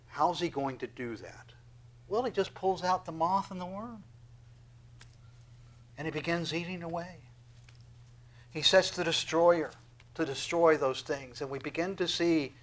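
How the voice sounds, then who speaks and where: A man delivers a Bible-teaching sermon in a slightly raised voice. He reads verses aloud with his congregation, booms out emphatic lines and then drops to a near whisper. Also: poor audio. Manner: emphatic, swinging from loud declarations to hushed whispers; acts out dialogues with God in other voices. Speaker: preacher.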